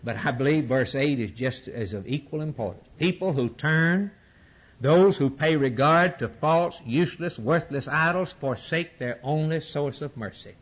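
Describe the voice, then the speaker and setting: A man's voice: normal speed, slightly rough. A man preaching a sermon to his congregation, fervent and repetitive, with sweeping rises and drops in his voice. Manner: fervent preaching with repetition and dramatic pitch swings.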